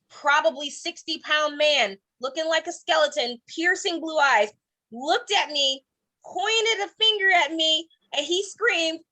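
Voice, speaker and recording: A woman comic performing a stand-up set over a video call, her voice high and bright with a forceful edge. She tells her story brashly and profanely, dropping deadpan asides between the punchlines. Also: measured pace. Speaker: stand-up comedian.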